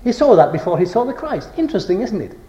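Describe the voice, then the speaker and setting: A man's voice: big pitch swings, fast talker, muffled recording. Impassioned male preacher in an echoey hall. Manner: impassioned, swings from ringing declamation to hushed low tones. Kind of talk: sermon.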